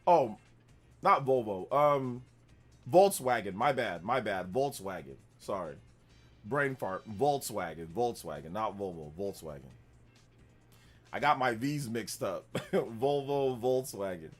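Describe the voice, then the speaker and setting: A man with a fairly low voice hosts a gaming live stream in a loose, rambling way, reacting to viewers as he goes. Faint music plays quietly behind him. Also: slow pace. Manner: relaxed, rambling, answers chat and laughs often. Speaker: gaming livestream host. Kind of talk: casual live-stream chat.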